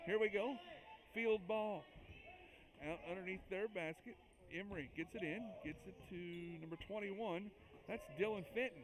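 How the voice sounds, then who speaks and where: High-voiced excitable basketball announcer. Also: male voice. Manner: excitable, chatty, jokes with the listeners. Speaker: play-by-play announcer. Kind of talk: amateur basketball commentary. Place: school gym. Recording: noisy gym sound.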